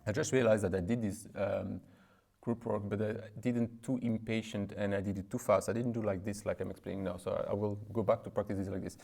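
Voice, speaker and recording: Over loud piano, a native French speaker with a lowish, level, slightly fast voice and some vocal fry teaches a relaxed lesson in a room with a piano. His plain, slightly non-native English about practice methods is dotted with "right?" asides while he plays.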